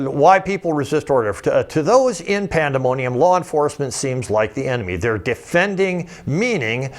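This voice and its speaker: A man talks through his slides in a loose, conversational lecture, drifting between points and restarting sentences often. He speaks at an ordinary middle pitch and drops in wry, joking asides. He sounds like a commentator thinking out loud rather than reading a script. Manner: rambling, digressive, with frequent restarts. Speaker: political commentator. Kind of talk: informal lecture over slides.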